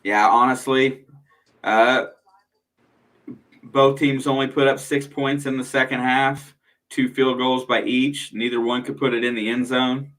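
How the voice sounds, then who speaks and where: This young man co-hosts a casual sports livestream from home at a desktop mic. His delivery is laid-back and easygoing, and he reads out game stats in a plain, steady way. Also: medium pitch, unhurried. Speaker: livestream co-host.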